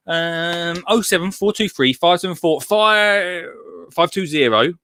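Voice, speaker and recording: A man's voice: fairly high pitch, expressive, moderate pace, bright, forceful tone, no echo. A man hosting a live gardening show, chatty and jokey, laughing often. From United Kingdom. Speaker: podcast host. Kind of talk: casual live show chat.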